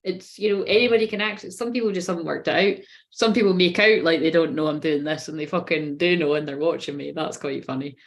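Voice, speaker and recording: A woman's voice: low voice, fast. A woman running a casual live tarot reading. She talks in a rambling, sweary way and often breaks into giggles. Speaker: tarot reader.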